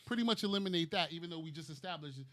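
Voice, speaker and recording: A man's voice: on the high side, animated, very fast, a crowd in the background. A man in casual sports chat, thinking aloud hesitantly and tagging his points with "right?". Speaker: podcast co-host.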